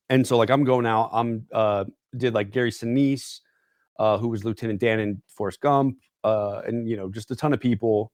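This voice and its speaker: A man's voice: fairly low pitch, steady tone, normal speed, darkish tone, dry recording, clean studio sound. A young man guesting on a podcast, telling a rambling story and leaning on "like" and "dude". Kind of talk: casual storytelling chat. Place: podcast studio.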